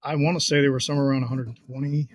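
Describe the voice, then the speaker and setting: A man's voice: mid-range voice, level tone, very fast, no room sound. Man explaining casually in a dry room. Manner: explains with hesitant restarts and fillers. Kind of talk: casual chat.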